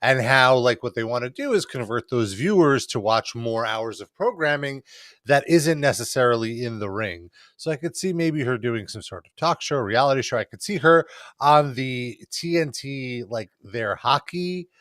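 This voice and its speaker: A man's voice: mid-range voice, animated, moderate pace, fairly bright tone, no room sound. A man talks as a guest columnist in a casual wrestling recap, enthusiastic and chatty. He rambles through his points, and his voice sounds dry and close.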